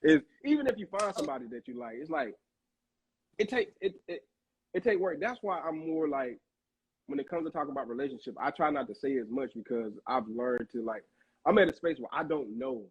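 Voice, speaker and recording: A man's voice: medium pitch, expressive, a little fast, breathy edge, muffled recording. A man hosting a casual discussion, talking in a rambling, searching way and often repeating himself. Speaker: host. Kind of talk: casual faith-minded discussion.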